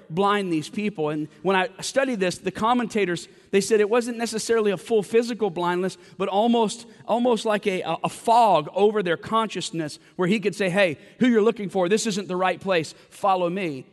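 A man's voice: high voice, normal speed. A man preaching a sermon as a pastor, retelling a story with dramatic quoted voices. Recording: long hall reverb.

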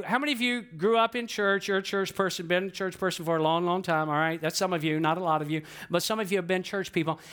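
A man's voice: high-pitched, fairly bright tone. A male pastor preaching a sermon in a conversational way, repeating phrases for emphasis and asking the congregation questions. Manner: sings snippets of old hymns.

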